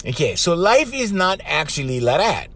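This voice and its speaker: A man's voice: on the high side, sing-song, moderate pace, vocal fry, fairly bright tone. A man with a Hawaiian Pidgin accent, hosting a podcast as a casual, loose monologue full of "bro" and laughs. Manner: chatty, loose, laughs often, says bro. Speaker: podcast host.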